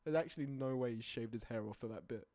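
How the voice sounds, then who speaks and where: A streamer casually ranking images, often breaking into high laughing fits and then dropping into low, sweary mutters. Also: quick pace, dark tone, no room sound. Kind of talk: casual live-stream commentary.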